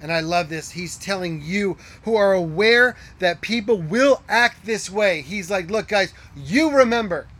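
A man preaching a sermon as pastor, earnest, asking rhetorical questions and dropping to hushed tones. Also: high-pitched, measured pace, hardly any pauses.

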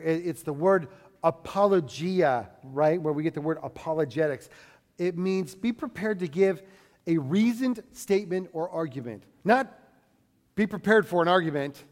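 A man's voice: on the high side, animated, normal speed. A male pastor preaching a sermon in an emphatic, conversational way, asking the congregation rhetorical questions. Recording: long reverb of a large hall.

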